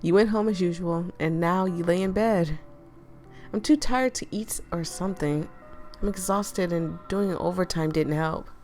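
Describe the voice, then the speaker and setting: Woman, deep natural voice, chatty game streamer, faint music behind. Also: a little slow. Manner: chatty, laughs often, reacts loudly. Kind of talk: playing and reading a visual novel aloud.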